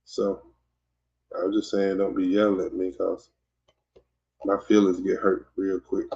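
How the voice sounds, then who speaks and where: A man from Mississippi with a Southern accent hosts a podcast in loose livestream chat, rambling and teasing as he goes. His voice is very low, with a gravelly fry. The recording sounds dull and lo-fi. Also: monotone, unhurried, darkish tone. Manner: rambling and teasing, many fillers and restarts. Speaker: podcast host. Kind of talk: casual livestream chat reading comments.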